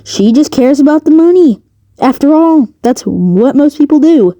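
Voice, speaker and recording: A woman's voice: high-pitched, animated, moderate pace, mellow. A woman giving a rambling, sarcastic commentary rant as a video creator. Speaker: commentary youtuber. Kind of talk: ranting commentary.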